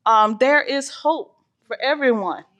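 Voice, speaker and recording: A woman's voice: sits high, measured pace, sharp tone. A woman teaching an informal church Bible lesson, reading scripture and explaining it earnestly, with frequent "um" fillers. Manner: reads scripture aloud, then explains it.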